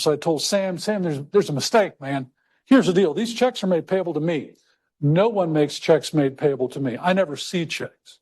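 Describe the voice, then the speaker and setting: High-voiced man telling a story. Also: a little mellow, breathy edge. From Texas. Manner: conversational storyteller, slows for emphasis. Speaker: speaker. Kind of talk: storytelling talk.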